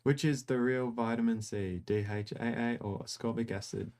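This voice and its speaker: A man's voice: mid-range voice, fairly even intonation, normal speed, vocal fry, darkish tone. A man reading viewer questions aloud to a host in a matter-of-fact way.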